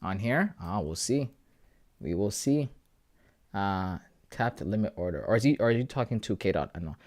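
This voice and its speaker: A man's voice: lowish voice, expressive, normal speed, a little mellow. A man from Canada chatting casually on a live stream, reading viewer messages aloud and answering them from home into a close, sensitive desk mic.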